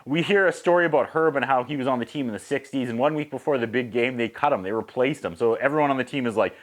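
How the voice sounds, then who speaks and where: A man from Canada, casually recapping a movie as a reviewer, lively and mimicking sound effects. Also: medium pitch, quick pace. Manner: animated, mimics whistles and acts out quotes.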